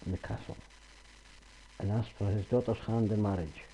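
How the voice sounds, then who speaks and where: A man's voice: lowish voice, fairly even intonation, moderate pace, warm tone, a little hiss or hum, natural voice, rough recording. A man voicing a kindly old wish-granting man.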